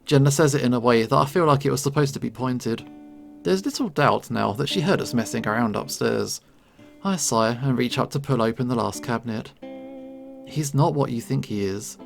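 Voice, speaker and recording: A man reading a visual novel aloud, voicing the narration and the characters' lines with light pitch changes. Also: a little fast, vocal fry, faint music behind. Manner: reads narration and dialogue, lightly shifting pitch between characters. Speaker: game narrator.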